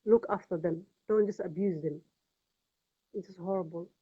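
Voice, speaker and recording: A woman from Somalia with a Somali accent and Somali as her first language, speaking English in an earnest, pleading, halting personal vlog testimony. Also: fairly low pitch, breathy edge. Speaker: vlogger. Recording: tinny phone-like audio.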